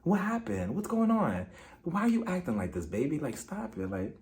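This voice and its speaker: A man putting on a soft, coaxing voice as a smooth-talking middle-aged husband calming two women. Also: a little high, moderate pace.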